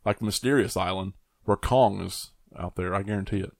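A relaxed man in casual conversation who talks hesitantly and swears casually. His voice sits somewhat low and sounds dry and close. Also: normal speed, gravelly, no room sound. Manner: laid-back, swearing, hesitant. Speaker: podcast co-host. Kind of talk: casual chat.

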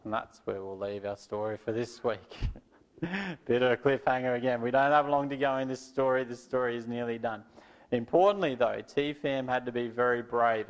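A man telling a Bible story to children and closing in prayer, gentle and earnest. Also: mid-range voice.

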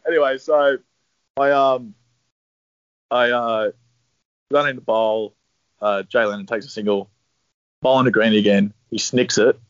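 A man's voice: mid-range voice, fairly even intonation, measured pace, long pauses, dry recording. A young man with an Australian accent, casually telling a long anecdote, laid-back and swearing freely. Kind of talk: casual storytelling. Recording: dry, slightly dull sound.

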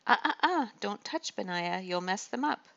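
A woman's voice: on the low side, normal speed, a bit bright, highs cut off, close to an everyday voice. A woman playing a vain, petulant young prince. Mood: teasing. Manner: whiny, preening, pouting.

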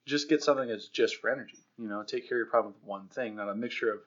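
Young male podcast co-host, mid-pitched voice, blunt and laid-back, swears freely, dull lo-fi audio. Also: very fast, a bit bright. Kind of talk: casual podcast chat.

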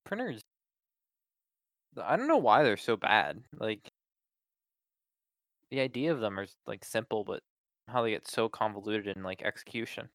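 A laid-back man with a low, smooth, resonant voice. He chats casually, peppering his sentences with "like". The sound is dry and close. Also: lively intonation, moderate pace, pauses often, fairly bright tone, no echo. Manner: laid-back, heavy use of "like". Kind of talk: casual chat.

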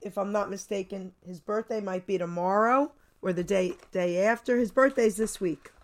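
A woman's voice: medium pitch, normal speed. A woman from New Jersey hosting a radio show, telling stories in a chatty way with eager exclamations. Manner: chatty storyteller, enthusiastic exclamations. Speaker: radio host. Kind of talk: casual radio interview.

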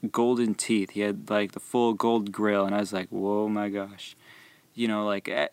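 A young man who works at a movie theater concession stand, telling rambling, animated stories about customers and laughing as he goes. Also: lowish voice, clear, resonant tone, no echo. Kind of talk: casual storytelling about work.

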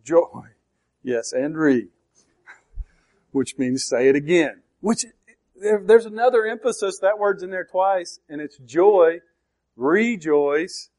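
Guy preaching a sermon, kinda high voice, slow and emphatic, quizzing the congregation. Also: animated, darkish tone. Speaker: pastor.

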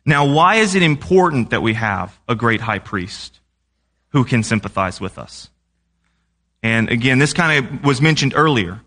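A young man preaches a sermon conversationally, often putting questions to the congregation. His voice is on the high side with a fairly bright tone.

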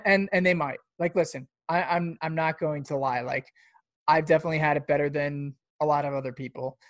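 A man's voice: a little high, a bit bright, no room sound, studio quality. A man co-hosting a podcast, telling stories in a loose, profane way with many fillers. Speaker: podcast co-host. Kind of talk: casual podcast chat.

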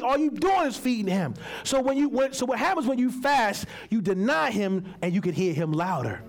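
A man in the pulpit, high-pitched and expressive, preaching in a loose, colloquial way. He slips into acted-out voices to make his points and keeps the congregation involved. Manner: teaches with props and volunteers, calls on readers. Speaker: pastor. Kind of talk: sermon.

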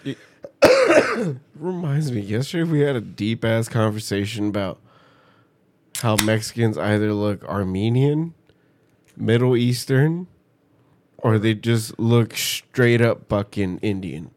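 A man's voice: lowish voice, very animated, slow pace, pauses often, darkish tone. A man in casual conversation, blunt and mock-combative, swearing constantly. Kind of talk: casual chat.

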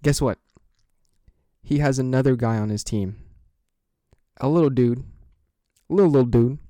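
A man co-hosting a podcast, giving an excitable, rambling rant as a plaintiff in a joking mock courtroom. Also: medium pitch, unhurried, no room sound, studio quality. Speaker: podcast co-host.

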